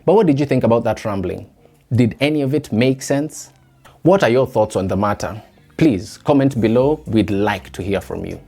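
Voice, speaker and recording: A man's voice: mid-range voice, lively intonation, moderate pace, creaky, warm tone. A young Kenyan man with a Kenyan accent, hosting a solo podcast and musing aloud with rhetorical questions to his listeners. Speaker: podcast host.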